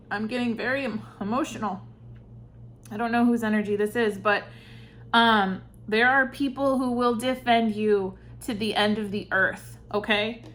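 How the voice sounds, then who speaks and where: A woman giving an intuitive tarot reading, speaking softly and reflectively, with sighs and pauses between thoughts. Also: on the high side. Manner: slow, soft-spoken, reflective, with sighs and pauses. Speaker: tarot reader.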